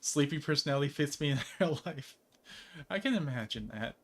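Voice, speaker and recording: A man's voice: fairly high pitch, lively intonation, a little fast, a bit bright. A man streaming a game and chatting casually, rambling with frequent laughs between phrases. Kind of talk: casual gameplay chat.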